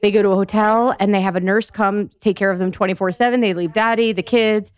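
Woman in her forties, emphatic podcast guest, mid-pitched, dry close sound. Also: steady tone, fast, smooth, no echo. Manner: emphatic, explains step by step. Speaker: physical therapist guest. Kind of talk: podcast interview.

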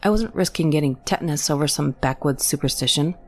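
A woman reading a first-person horror story in a steady, measured way. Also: sits low. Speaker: story narrator.

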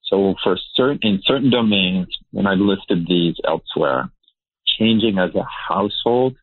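Over a tinny, phone-like line, a male behavior researcher appears as an interview guest, explaining his ideas earnestly and emphatically. His voice is deep, at a normal speed, with no room sound.

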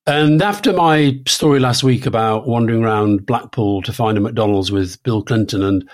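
A man in his sixties co-hosts a political podcast, chatting in a conversational way full of restarts and fillers. His voice is medium in pitch and moves at a normal speed.

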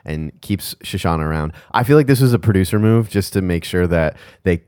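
Man, podcast co-host, very low voice, animated and laughing, dry close sound. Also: fairly quick, dry recording. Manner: animated, laughing, stumbling restarts. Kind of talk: casual recap chat.

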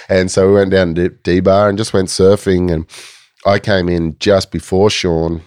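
An Australian man in his forties, a guest telling stories in relaxed casual chat, full of fillers and restarts. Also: deep voice, moderate pace, dry recording, clean studio sound. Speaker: guest, professional surfer.

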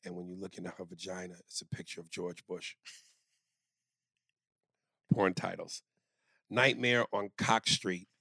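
A man co-hosting a comedy podcast in casual chat, loud and playful, slipping into silly bits. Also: deep voice, unhurried, vocal fry, pauses often, dry recording. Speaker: podcast co-host.

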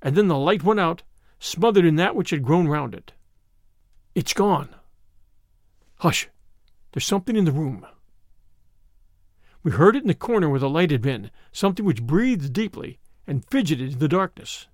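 A man narrating a classic ghost story in a vivid, expressive storytelling manner. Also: fairly high pitch, brisk, no echo, studio quality. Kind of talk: dramatic audiobook narration.

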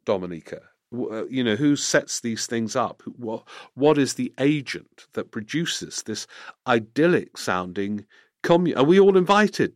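A man's voice: medium pitch, dry recording, studio quality. A middle-aged man hosting a political podcast, answering listener questions in casual commentary and thinking aloud with restarts.

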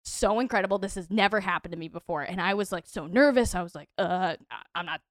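A woman guest on a podcast, telling a story in animated casual chat, filling it with "like". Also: lowish voice, quick pace, no echo, studio quality.

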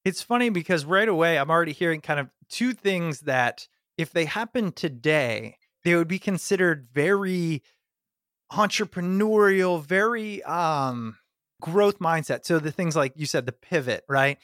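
A man's voice: on the high side, measured pace, fairly bright tone, no echo, clean studio sound. A man hosting a podcast, asking the guest thoughtful, curious questions. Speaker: podcast host, interviewer. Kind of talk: interview questions.

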